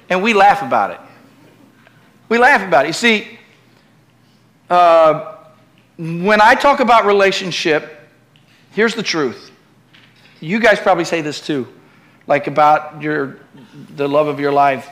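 A middle-aged man preaching in church with a slightly high voice. He climbs into loud, emphatic peaks, then drops into easy, joking talk with the congregation. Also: expressive, slow pace, long pauses. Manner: swings from loud preaching to chatty asides with the congregation. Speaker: pastor. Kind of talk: sermon.

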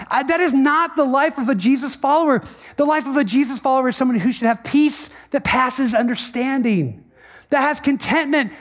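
A man preaching a sermon as pastor, talking conversationally, often asking "right?", and briefly acting out the voices he quotes. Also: extremely high pitch.

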